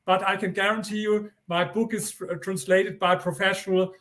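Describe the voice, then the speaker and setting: German-accented man, high and insistent. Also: level tone, normal speed, fairly bright tone. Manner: earnest, insistent, repeats key points. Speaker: guest author. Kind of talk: interview answers.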